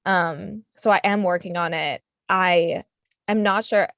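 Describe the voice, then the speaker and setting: A woman's voice: lowish voice, slow pace, creaky, a bit bright, dry recording, dull audio. A woman guest chatting casually on a craft livestream over a video call, filling her talk with "like" and little laughs. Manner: chatty, uses lots of likes, laughs while talking.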